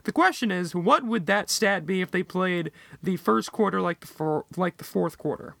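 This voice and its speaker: A man's voice: sits high, animated, moderate pace, gravelly, a bit bright, no room sound. A man co-hosting a casual podcast chat, joking and self-deprecating. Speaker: podcast co-host.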